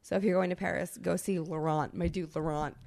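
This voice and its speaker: A woman co-host chatting on a podcast, with a lowish voice and a gravelly fry in it. She tells her story in an animated way, swearing freely and filling it with likes and ums. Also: a little fast. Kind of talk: casual chat.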